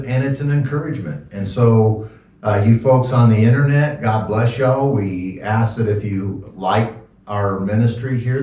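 A fairly low-voiced male pastor preaches in a folksy, joking manner, stopping and restarting his sentences. The sound is distant and muffled, picked up from far off in a roomy church. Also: dark tone. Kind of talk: sermon.

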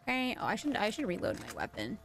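A woman's voice: medium pitch, huge pitch swings, fast talker, faint music behind. A woman streamer chatting casually over her gameplay. She is playful and sarcastic and laughs often. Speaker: streamer playing a video game.

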